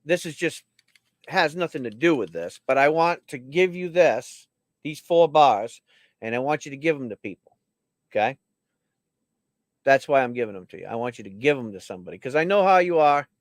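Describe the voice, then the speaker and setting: A man's voice: mid-range voice, animated, normal speed, dry recording. A man hosting a coin auction livestream, chatting casually and joking as he talks straight to his viewers.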